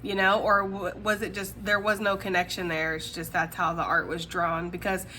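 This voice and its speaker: A woman's voice: fairly low pitch, flat delivery, normal speed, sharp tone, a little hiss or hum. A woman giving a casual tarot reading straight to the viewer, chatty and laughing often. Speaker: tarot reader.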